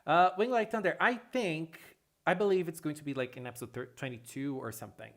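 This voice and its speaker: A streamer hosting a casual livestream, chatting with viewers and answering chat in an excitable way, often repeating phrases. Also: mid-range voice, a little fast. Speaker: livestream host reading chat.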